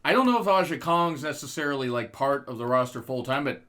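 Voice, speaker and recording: A man's voice: medium pitch, animated, quick pace, fairly bright tone. A man co-hosting a podcast, chatting loosely about wrestling, swearing freely and laughing at his own jokes. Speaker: podcast co-host. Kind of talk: casual wrestling chat.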